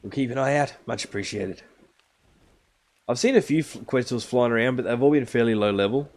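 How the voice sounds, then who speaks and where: Talking fast in a medium-pitched, darkish voice, a man livestreams a survival game. He's chatty and casual, walking his viewers through each step as he goes.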